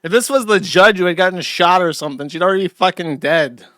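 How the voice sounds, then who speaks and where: A male host giving crude, sarcastic, excitable commentary over footage of an arrest. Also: sits high, fast talker, slight background noise.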